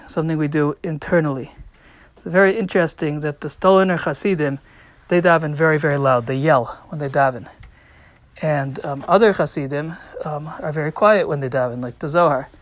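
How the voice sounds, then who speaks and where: A man's voice: a little high, no echo. Man giving a dry, close Torah talk. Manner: storytelling, acts out quotes with rising and falling volume. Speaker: rabbi teaching.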